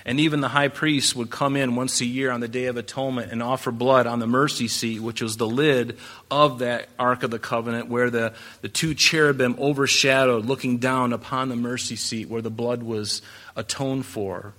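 A male pastor with a bright, forceful voice teaches scripture in a relaxed, conversational sermon. He talks to the congregation directly, tossing in rhetorical questions and quick asides. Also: mid-range voice.

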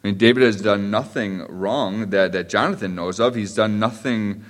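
A man's voice: fairly low pitch, normal speed, in a large hall. A man preaching a sermon in a conversational way, telling the story with frequent restarts and asides.

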